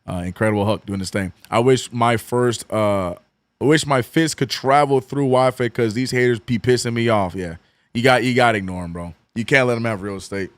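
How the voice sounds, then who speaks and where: A man with a New Orleans accent does fan play-by-play, his voice cracking and worn. He jumps up high and loud for big plays, then drops to low, quick asides to his chat. The sound is dry and close to the mic. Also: no echo. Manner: swings from excited calls to low, mumbled chat with viewers. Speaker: streamer doing fan play-by-play. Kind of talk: watch-along play-by-play and chat.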